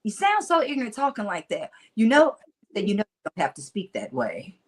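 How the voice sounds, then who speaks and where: A woman's voice: medium pitch, huge pitch swings, brisk, breathy edge. A disapproving old grandmother scolds in a clipped, proper tone, as a woman with a Mississippi accent imitates her. The voice stays close to the speaker's own. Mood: scolding.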